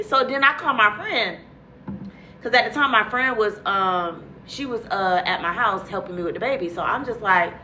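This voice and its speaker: Animated young woman with a bright voice. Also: fairly high pitch, moderate pace, a little hiss or hum. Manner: animated, acts out quotes, heavy cursing, many fillers. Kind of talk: casual profane storytelling.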